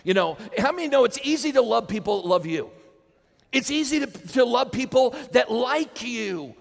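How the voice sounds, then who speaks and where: Male pastor, gravelly voice, sermon with call-and-response, long church reverb. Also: very high-pitched, animated, moderate pace. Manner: calls the congregation to repeat lines.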